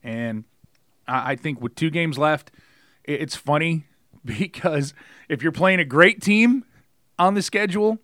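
This is a middle-aged man co-hosting a sports podcast, chatting in a laid-back, jokey and lively way. His voice sits a touch higher than most men's. The sound is close and dry, with no room around it. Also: measured pace, pauses often, dry recording. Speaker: podcast co-host. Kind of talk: casual sports podcast chat.

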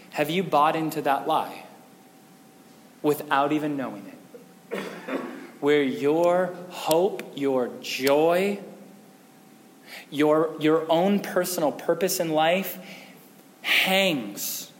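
A man preaching a sermon, telling a story with lively animation and acting out the scenes. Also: on the high side, slow pace, long pauses, big-room sound, a little hiss or hum. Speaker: pastor.

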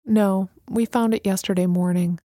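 A woman voicing a calm, mystical woman who speaks in a serene, knowing, unhurried way. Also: mid-range voice, dry recording, clean studio sound, lightly acted.

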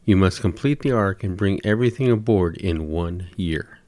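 A stern deity gives his orders in a solemn, low voice, put on by a male storyteller. The sound is dry and close. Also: normal speed, a little mellow, no room sound, natural voice. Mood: commanding. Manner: solemn, commanding.

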